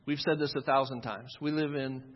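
A man from the United States giving an earnest, conversational sermon as a pastor, slipping in quick asides. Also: mid-range voice, fairly even intonation. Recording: dull sound with long hall reverb.

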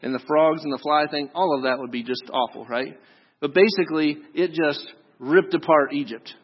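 A man's voice: fairly high pitch, normal speed, slightly rough. A male preacher retelling a story in a sermon, conversational and joking, with asides to his listeners. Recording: dull lo-fi recording.

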